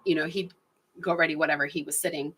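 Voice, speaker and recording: A woman muses aloud about her own experiences in a relaxed, personal vlog. Her voice sits a little low yet sounds bright and forward. She talks chattily, her speed shifting and small laughs slipping in between thoughts. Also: fast talker, breathy edge. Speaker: vlogger. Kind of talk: casual reflective monologue.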